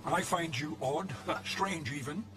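A stern suspicious villager. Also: male voice, a little high, takes it slowly, music in the background. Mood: accusing. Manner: stern, accusing.

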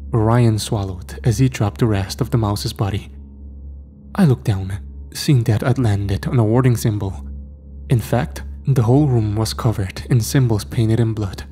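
A man narrating a first-person horror story in a steady, grim storytelling voice. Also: lowish voice.

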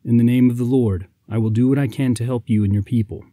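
A man voicing a calm, devout knight who speaks in a measured, reassuring way. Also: medium pitch, no room sound, studio quality, lightly acted.

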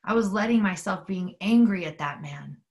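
A woman's voice: medium pitch, expressive, normal speed. A woman leading a guided spiritual session from a mountain home, earnest and intimate, swearing freely and leading call-and-response prayer. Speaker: spiritual workshop leader.

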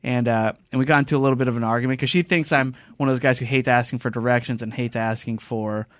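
A podcast host with a mid-range voice talks fast in a podcast studio, with clean studio sound and no room sound. He leads a casual chat, animatedly telling stories and acting out the voices and quotes of the people in them.

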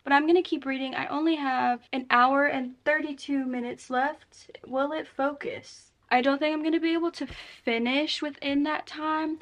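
Young woman, high voice, chatty, rambling, self-deprecating, casual vlog. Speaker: book vlogger. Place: bedroom, in bed.

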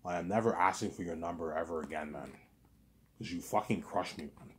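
Rambling young man, low voice. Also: a little fast. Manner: rambling, repetitive, swears often. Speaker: vlogger. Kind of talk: casual monologue.

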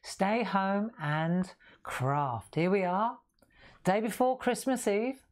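A woman's voice: medium pitch, expressive, slow pace, darkish tone. A woman hosting a craft livestream from her craft room, chatting to viewers in a rambling, jokey way and laughing often. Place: indoor home craft room.

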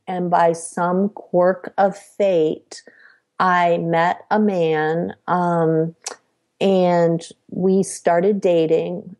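A middle-aged woman, a podcast guest, recounting her life in a measured storytelling way. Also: lowish voice, darkish tone. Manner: measured, acts out quoted dialogue. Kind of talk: personal storytelling.

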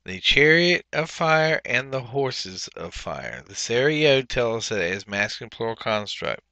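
A man's voice: mid-range voice, sing-song, unhurried, bright, forceful tone, no room sound. A man teaching a language workbook lesson, explaining step by step with frequent fillers. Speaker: Hebrew teacher.

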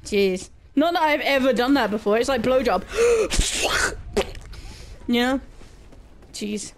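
A young woman chatting casually and bluntly with her viewers, crude and quick to giggle. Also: on the high side, soft background music. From Britain. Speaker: gaming livestreamer. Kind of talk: casual chat answering viewer questions.

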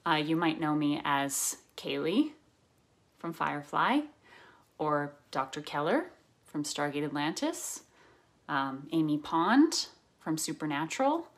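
A woman's voice: deep voice, animated, slow pace. A woman with a Canadian accent, recording a playful, joking video greeting to her fans. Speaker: actress sending a fan greeting. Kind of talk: casual video message.

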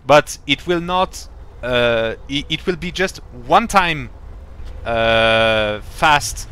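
A man's voice: mid-range voice, lively intonation, very slow, pushed and bright, clear, resonant tone. A man commentating a strategy game live, explaining in a rambling, playful way with many fillers and restarts. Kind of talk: casual live-stream commentary.

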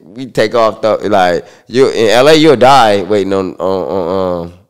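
A man recounting a personal story in a relaxed interview, talking loosely with many fillers. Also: fairly low pitch, measured pace, smooth. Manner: relaxed, loose, full of fillers like "like" and "you know". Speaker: guest.

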